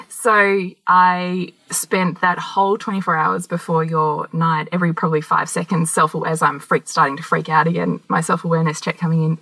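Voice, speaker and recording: A woman co-hosting a podcast, talking candidly and telling animated stories with laughter and the odd swear word. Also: on the low side, a little fast, vocal fry, hardly any pauses, dry recording, rough recording. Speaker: podcast co-host. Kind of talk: casual conversation.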